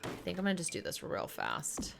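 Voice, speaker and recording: A young woman with a somewhat low voice chats her way through a live game stream. She keeps talking straight to her viewers and answers them by name as she builds. Soft music plays quietly behind her. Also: huge pitch swings, a little fast, gravelly. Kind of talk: casual live-stream chat while building in a life-sim game.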